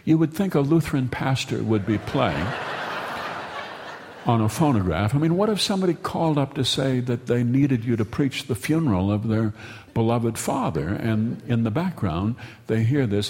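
A man's voice: mid-range voice, lively intonation, moderate pace, darkish tone. A man telling a humorous story in a wry, meandering way, often stumbling and repeating words. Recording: long hall reverb.

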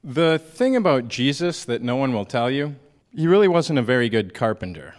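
A man performing a comic monologue on stage at a story slam, mock-sincere and wistful, with a deadpan delivery. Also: medium pitch, normal speed, slight background noise.

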